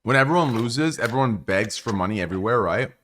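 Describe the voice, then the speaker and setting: Lively teasing male podcast host. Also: on the low side, fast talker. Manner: teasing, loose, swearing. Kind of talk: casual chat.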